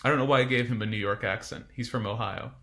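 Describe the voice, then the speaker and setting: A man's voice: medium pitch, fairly even intonation, fast, fairly bright tone. A man teaching a casual recorded history lecture, informal and chatty with frequent asides.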